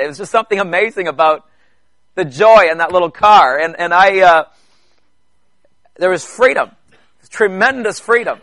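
A man preaching a personal testimony in church, chatty, with halting restarts and joking asides to the congregation. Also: high-pitched, lively intonation, fairly bright tone, no echo. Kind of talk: conversational sermon testimony.

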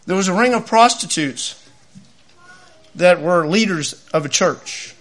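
High, bright-voiced man preaching. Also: unhurried. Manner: animated, acts out voices in his stories. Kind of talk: sermon with storytelling.

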